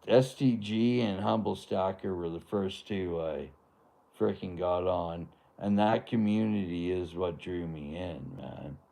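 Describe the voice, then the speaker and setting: A man's voice: deep voice, unhurried, creaky, mellow. A man hosting a live stream, talking in a rambling, laid-back way with lots of fillers. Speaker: livestream host. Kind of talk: casual live-stream chat.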